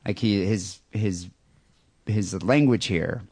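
A man co-hosting a crude comedy podcast, joking loudly and reading a listener's email aloud with lively asides. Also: on the low side, slow pace, slightly rough, no room sound, studio quality. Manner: loud, animated, jokey storytelling. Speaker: podcast co-host.

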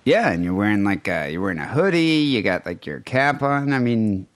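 Man co-host, lively up-and-down delivery, full of questions, dry close sound. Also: fairly low pitch, no room sound. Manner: animated, quick reactions and questions. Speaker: podcast co-host. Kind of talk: casual comedy podcast chat.

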